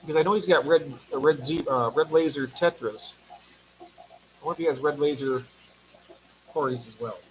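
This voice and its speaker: A man's voice: a little high, moderate pace, pauses often, a little hiss or hum, poor audio. A man hosting a casual livestream, chatty and affectionate, reading viewer comments aloud and sounding tired. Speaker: livestream host.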